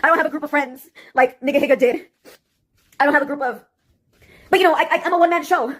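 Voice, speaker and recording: A woman comedy YouTuber talking to camera in a rambling, self-deprecating casual monologue, with halting fillers. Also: high voice, a bit bright.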